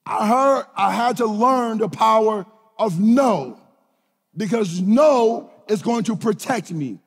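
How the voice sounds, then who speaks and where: A middle-aged male pastor, preaching a lively sermon that swings from shouts to hushed low lines. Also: slow, slightly rough. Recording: hall reverb.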